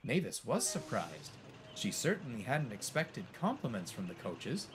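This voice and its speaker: A man giving scripted, expressive storybook narration. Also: medium pitch, measured pace, background noise. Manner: expressive, animated.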